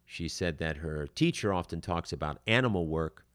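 An older man hosting an acting advice podcast, talking in an animated, emphatic way with many fillers. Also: low voice, normal speed, dry recording, clean studio sound. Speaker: acting coach podcast host.

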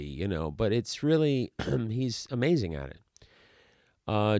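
An actor with a low, darkish voice talks in a casual, rambling monologue full of restarts and asides. The studio sound is clean, with no echo.

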